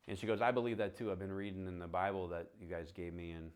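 Brief: male pastor, deep low voice, animated sermon storyteller who acts out dialogue. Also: fairly quick.

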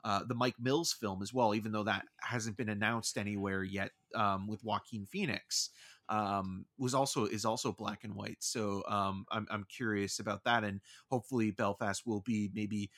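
A man's voice: on the low side, fairly even intonation, moderate pace, a bit bright. A man co-hosting a casual film podcast, rambling and hedging with frequent "like" and "I mean". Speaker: podcast co-host discussing films.

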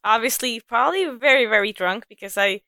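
A woman playing a tabletop game, bubbly with halting restarts. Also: a little high, expressive, sharp tone, dry recording, studio quality. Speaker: player. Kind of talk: casual in-character game talk.

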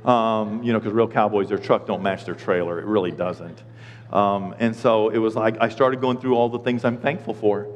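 A middle-aged man from Oklahoma, a pastor giving a sermon, telling stories with lively energy and acting out his own complaining prayers. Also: lowish voice, moderate pace. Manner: animated storytelling, acts out his own whining prayers. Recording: long hall reverb.

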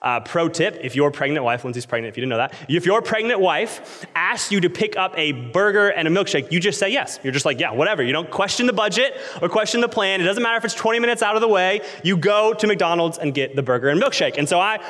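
A man in his thirties delivers a sermon, his voice sitting a bit high for a man. He shifts between loud excitement and hushed intensity as he tells his story. A long reverb trails each phrase, as in a large church hall. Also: fast. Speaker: pastor.

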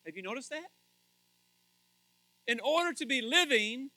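A male preacher with a very high, bright, forceful voice, recorded dry and close. He preaches in a folksy, story-driven way and keeps tossing fill-in questions to the congregation. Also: lively intonation, measured pace, pauses often, dry recording, low-quality recording. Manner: asks the crowd fill-in questions. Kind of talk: sermon.

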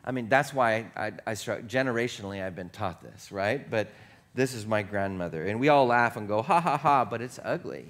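A male pastor with a lowish voice preaches briskly in a church sanctuary. His sermon is conversational and self-deprecating, full of playful repetition and humor.

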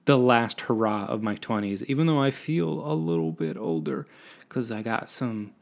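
A man's voice: on the low side, animated, moderate pace. A man, hosting a solo podcast and rambling between topics in a self-deprecating way. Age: 20s. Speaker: podcast host.

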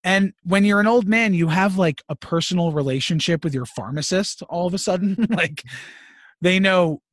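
Man, podcast host, high voice, animated and swearing, dry close mic. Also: normal speed, no echo. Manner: animated, profane storytelling. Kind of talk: casual chat.

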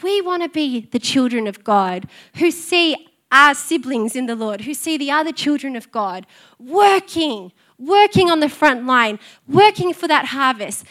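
A woman's voice: sits high, fairly bright tone. A middle-aged woman, preaching a sermon in an earnest, conversational way and telling personal stories. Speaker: pastor.

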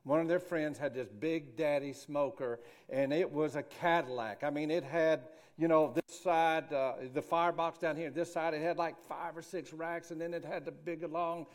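A middle-aged man talks like a minister sharing a homespun story. He rambles and restarts often in a relaxed, folksy way, and his voice sits a little higher than most men's. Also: moderate pace, few pauses.

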